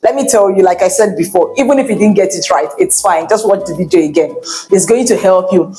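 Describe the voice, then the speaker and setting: A woman's voice: medium pitch, warm tone. A woman teaching children tone marks, encouraging them and sliding her voice up and down to show each tone. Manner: encouraging, drills words with sliding tones. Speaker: Igbo language teacher for children. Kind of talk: online language lesson.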